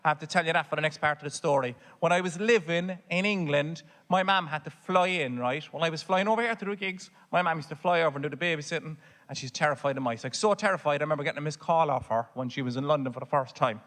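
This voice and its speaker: A man's voice: on the high side, fast talker, few pauses, a bit bright, big-room sound. A man with a Cork Irish accent doing a stand-up comedy set, telling family stories full of swearing and putting on voices. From Ireland. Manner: swearing, storytelling with exaggerated voices for his family. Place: theatre stage before a laughing audience.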